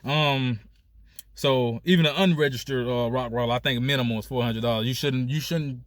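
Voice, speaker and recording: A man's voice: mid-range voice, normal speed, no room sound. A man with a Southern US accent, a dog breeder talking casually to camera, repeating himself and hammering points home with "you know" and "period". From United States. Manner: loose, repetitive, emphatic with "period" and "you know".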